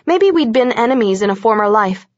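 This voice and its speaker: Wry sarcastic woman narrating an audiobook, flat dead room, lo-fi sound. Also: a little high, fairly quick, no echo. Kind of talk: first-person audiobook narration. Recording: dull dry lo-fi recording.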